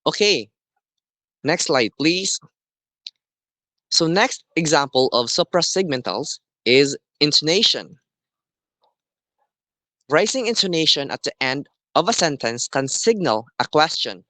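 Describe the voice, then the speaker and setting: Guy teaching a class, slow and careful, pitch bounces around a lot, dry close sound. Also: lively intonation, pushed and bright, no echo. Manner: slow, deliberate explaining with frequent "okay" checks. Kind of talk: classroom lesson.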